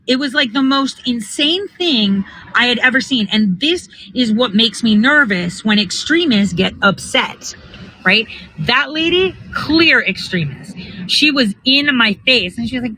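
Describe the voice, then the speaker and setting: Blunt, bright-voiced woman venting. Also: fairly high pitch, expressive, measured pace, low-quality recording. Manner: blunt, profane, emphatic. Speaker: political organizer vlogger. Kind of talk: casual rant to viewers. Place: out and about heading to a coffee drive-thru.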